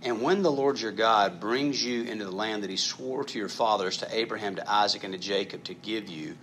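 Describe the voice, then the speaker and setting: A man's voice: on the low side, a little fast, a bit bright, slight background noise. A male pastor preaching a sermon in a conversational, emphatic way, often repeating words.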